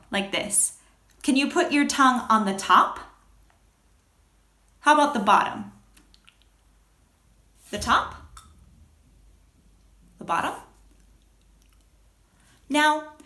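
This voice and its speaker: Female teacher, very slow, bright lively delivery, echoey room. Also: high-pitched. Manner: slow, expressive, exaggerated sounds. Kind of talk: children's phonics lesson.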